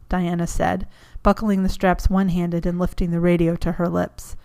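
Woman narrating, low and gravelly. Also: flat delivery, normal speed, hardly any pauses, mellow. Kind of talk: audiobook reading of a story.

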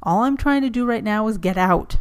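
A woman reading the lines of a male FBI agent trapped in a collapsed building, who sounds hoarse, breathless and wryly understated. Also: medium pitch, fairly quick, voice pushed up, natural voice.

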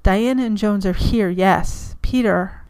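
A woman's voice: mid-range voice, slow pace, a little mellow, clear, resonant tone, dry recording, studio quality, natural voice. A woman voicing a male con man working as an FBI consultant, who sounds anxious and pleading.

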